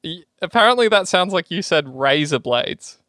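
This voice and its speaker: Animated Australian man on a podcast. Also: normal speed, dry recording, clean studio sound. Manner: animated, jumps up in pitch when excited, laughs while talking. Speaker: podcast co-host. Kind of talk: casual chat.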